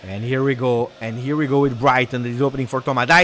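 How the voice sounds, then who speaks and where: A man commenting live on a football match, switching between muttered play-by-play and shouting at big moments. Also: medium pitch, quick pace, a little hiss or hum. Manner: excitable, shouts at big moments, drops Italian words. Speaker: football fan streamer.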